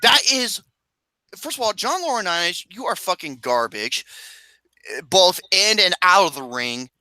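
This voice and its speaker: A man hosting a casual ranking chat, ranting with plenty of profanity in an animated, exasperated way. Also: sits high, moderate pace, no echo. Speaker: podcast host.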